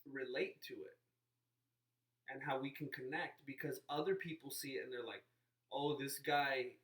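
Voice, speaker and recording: A man's voice: medium pitch, normal speed, a bit bright, reverberant, recorded from a distance. A man talking to camera in a casual, rambling vlog, often breaking off mid-sentence and acting out what other people say. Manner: rambling, self-interrupting, playfully mimics others. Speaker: vlogger. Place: inside a parked car.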